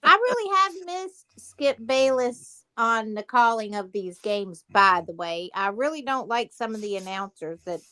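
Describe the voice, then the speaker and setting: A woman's voice: a little high, animated, measured pace, hardly any pauses, bright, forceful tone. A woman on a sports talk panel, giving opinions in an offhand way.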